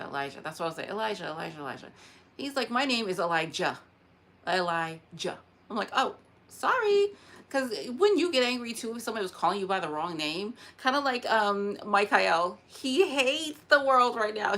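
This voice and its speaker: A woman chatting casually about spirits in a rambling, animated way, laughing often. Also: mid-range voice, a little hiss or hum. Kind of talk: casual spiritual talk to camera.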